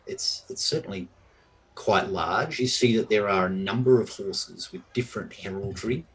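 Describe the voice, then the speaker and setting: Deep-voiced man narrating a game. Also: husky, poor audio. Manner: halting, many restarts and fillers. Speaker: game master. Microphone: online call mic.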